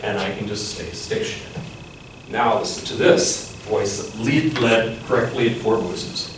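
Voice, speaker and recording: Man teaching music theory in an echoey room. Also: fairly low pitch. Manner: measured, explanatory, pauses to think aloud. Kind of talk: instructional lesson with piano demonstrations. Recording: roomy echo, far from the mic, piano playing. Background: piano.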